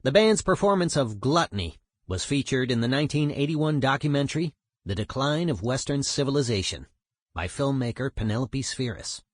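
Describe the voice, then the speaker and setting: A man reading an audiobook in measured, clear scripted narration. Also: medium pitch, dry recording, studio quality.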